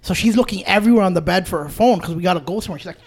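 A man's voice: high voice, racing. Joking, laid-back young man. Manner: loose, joking storyteller, says bro. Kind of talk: casual chat.

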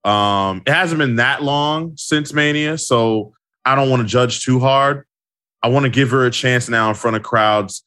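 A man's voice: mid-range voice, unhurried, pushed and bright. A man with a mid-range voice talks on a casual podcast. He is emphatic and agreeable, and he repeats lines to drive a point home. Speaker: podcast co-host. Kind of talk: casual wrestling podcast chat.

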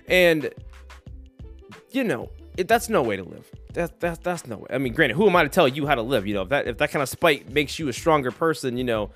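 A man around thirty hosting a solo podcast, rambling in a jokey, animated way. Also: medium pitch, fairly quick, faint music behind. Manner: rambling, animated, jokey, slips into silly voices. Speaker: podcast host.

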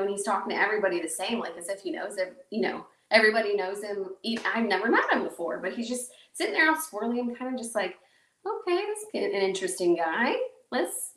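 A woman podcast host from the Chicago suburbs telling a personal story in a casual, animated way, full of fillers and acted-out quotes. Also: medium pitch, recorded from a distance. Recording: roomy echo, voice a bit off-mic.

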